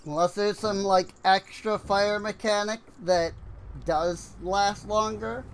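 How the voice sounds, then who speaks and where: A man's voice: sits high, fairly even intonation, slow, a little hiss or hum, poor audio. A man giving casual commentary while streaming a game, rambling and filling his speech with "like.". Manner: rambling, heavy on "like" fillers.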